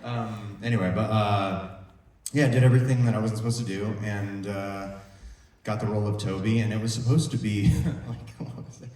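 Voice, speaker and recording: Panel guest, male, lively storyteller, mid-low voice, echoey hall, mic far off. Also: moderate pace. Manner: animated, laughs while telling stories. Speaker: actor on a convention panel. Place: large convention hall. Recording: echoey hall, distant, faint noise.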